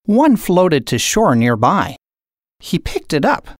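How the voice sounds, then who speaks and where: Low, slow-reading woman storyteller. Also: no room sound, studio quality. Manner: expressive, unhurried. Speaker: narrator. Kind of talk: storybook read-aloud.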